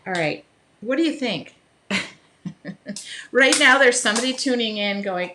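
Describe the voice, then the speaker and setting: With a fairly high pitch and a measured pace, this woman leaves long pauses, and there's noise in the background. She's an American from the Midwest painting on a relaxed live stream, chatty and quick to laugh, singing bits of songs and reading out viewer comments.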